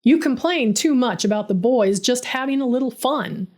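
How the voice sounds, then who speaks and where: A woman's voice: on the high side, animated, moderate pace, a little mellow. A woman voicing an arrogant, condescending male construction boss in a storybook narration, smug and dismissive.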